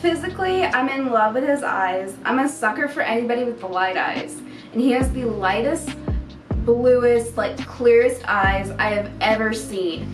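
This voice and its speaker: A young woman chats about her boyfriend, her slightly high voice filling a roomy space. She sits a little back from the mic while music plays clearly underneath, and her talk is loose and full of "like". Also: moderate pace. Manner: chatty, lots of "like". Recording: roomy, distant, music behind.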